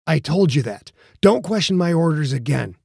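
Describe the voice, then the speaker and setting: A man's voice: a little high, expressive, takes it slowly, gravelly, a little mellow, slightly rough, dry recording, clean studio sound, voice pushed up, exaggerated voice. A man voicing a commanding male starship captain in an audiobook, speaking in a firm, clipped way. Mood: stern. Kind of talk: audiobook character voice.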